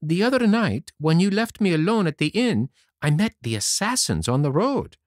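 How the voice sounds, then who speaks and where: Pinocchio, as a man puts him on, high and boyish. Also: big pitch swings, moderate pace, no room sound, studio quality. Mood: chatty. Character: excitable wooden puppet boy, naive and eager.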